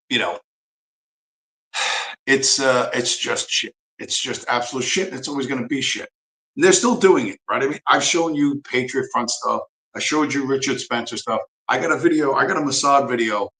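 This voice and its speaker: A man's voice: mid-range voice, fairly bright tone, echoey room, rough recording. A man hosting a livestream, ranting casually in a profane, rambling, sarcastic way. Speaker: livestream host.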